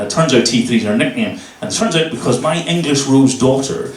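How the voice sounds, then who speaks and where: In an echoey room, a distant mic catches a Northern Irish man in his thirties delivering a stand-up set. He swears and tells stories energetically in a mid-range voice, speaking briskly with few pauses.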